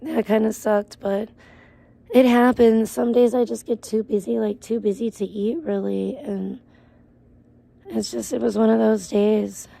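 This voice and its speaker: A woman's voice: on the high side, level tone, unhurried, vocal fry, mellow. A woman live streamer in casual chat, rambling and ranting with plenty of swearing.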